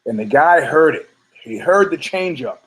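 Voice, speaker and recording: A man's voice: on the high side, expressive, normal speed, husky, poor audio. A man hosting a casual sports podcast who rambles, stammers over his words, repeats himself and swears freely. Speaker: podcast host.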